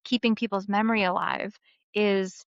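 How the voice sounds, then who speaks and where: A woman in her thirties, a guest on a podcast, telling a family story in an animated, casual way. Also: mid-range voice, normal speed, dry recording. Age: 30s. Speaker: podcast guest, memoir author. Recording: dull lo-fi sound, dry.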